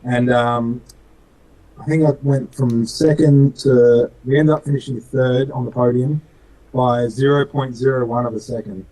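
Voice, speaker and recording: A man's voice: medium pitch, fairly even intonation, unhurried, dark tone, rough recording. Earnest young Australian man rambling. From Western Australia. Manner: earnest, rambling storyteller with many fillers. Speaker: racing driver guest. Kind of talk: casual storytelling interview.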